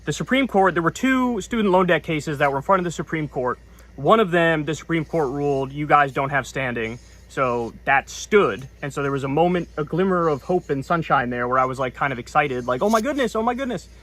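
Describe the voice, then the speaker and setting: A man's voice: on the high side, fairly quick, fairly bright tone. A man giving earnest, explanatory online political news commentary.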